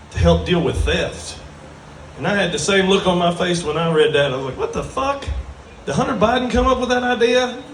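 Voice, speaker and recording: This is a man with a fairly high voice doing comedy on a brewery stage for a live audience. He drawls, gets crude, and pokes fun at himself. The take, recorded from a distance in a roomy live venue, carries a little hiss or hum.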